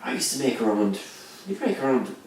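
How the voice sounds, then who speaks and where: A man's voice: mid-range voice, very animated, a little fast, a little mellow. A young man tells work stories in a loose, slangy way and laughs often. He talks in a casual chat with friends. The sound is very roomy and distant from the microphone. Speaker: comedy club member. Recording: echoey room, distant mic.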